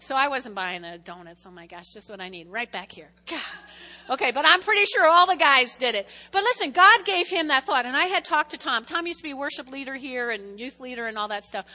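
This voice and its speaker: A woman's voice: fairly high pitch, sharp tone. A woman preaching a chatty, conversational sermon, often checking in with her congregation. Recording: long echoing hall reverb.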